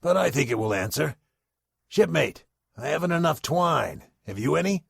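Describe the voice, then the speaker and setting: A man voicing a cunning sailor in a storybook reading, low, quiet, and coolly sly. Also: lively intonation, normal speed, creaky, breathy edge, no echo, clean studio sound, full character voice. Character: grim, cunning sailor plotting revenge.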